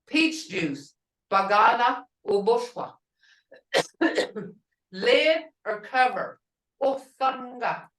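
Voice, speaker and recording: A middle-aged woman teaches a language class at a deliberate, unhurried pace, saying each word and then repeating it for her students. Her voice sits in a middle range. The mic is a little distant and picks up a roomy echo. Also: a little high, a bit bright. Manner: repeats words slowly for learners.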